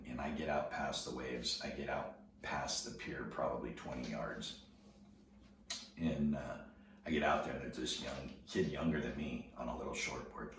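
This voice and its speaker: Man, very deep voice, casual storytelling, surfer slang, echoey room, mic far off. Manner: animated, acts out voices in his anecdotes, surfer slang. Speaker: storyteller sharing his life story. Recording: echoey room, voice from far off, clear background noise.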